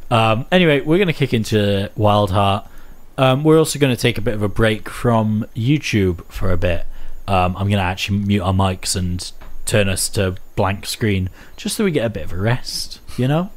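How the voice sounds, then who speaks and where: A man with a fairly low voice hosts a loose, chatty radio show. He teases his co-hosts and rambles through his links in an easygoing way. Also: expressive, normal speed. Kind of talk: casual studio chat.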